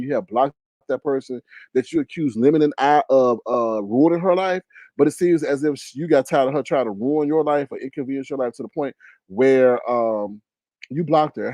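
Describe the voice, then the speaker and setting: A man hosting a livestream of gossip commentary, talking in an animated way with frequent laughs and drawn-out asides. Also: fairly high pitch, no room sound, clean studio sound. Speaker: online show host.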